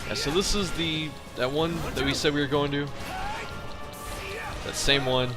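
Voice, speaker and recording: A man's voice: a little high, fairly even intonation, moderate pace. A man giving casual gameplay commentary as a let's play host, chatty and profane, humming to himself while he fights. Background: game music.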